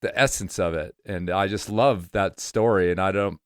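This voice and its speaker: Male podcast host with a lowish, dry-miked voice, casual and emphatic. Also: moderate pace, clear, resonant tone, dry recording. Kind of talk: casual interview chat.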